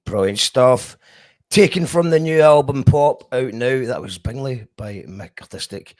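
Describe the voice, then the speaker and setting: A man's voice: medium pitch, unhurried, dry recording. A man hosting a live-streamed interview, reading out viewer comments and asking questions with frequent restarts and fillers. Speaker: host.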